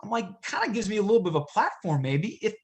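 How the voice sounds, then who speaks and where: A man's voice: sits high, sing-song, fast talker. Upbeat casual man saying dude a lot. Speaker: gym owner and podcast guest. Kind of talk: casual podcast interview.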